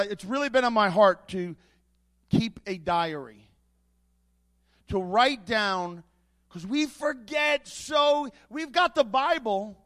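A man's voice: extremely high pitch, a bit bright. A man preaching a sermon as pastor, emphatic, building his points with repeated rhetorical questions.

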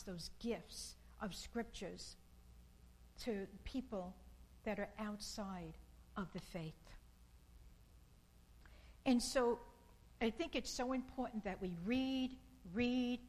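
A woman giving an informal sermon in a slow, earnest and repetitive way, with bursts of emphasis. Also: a little high, darkish tone, rough recording.

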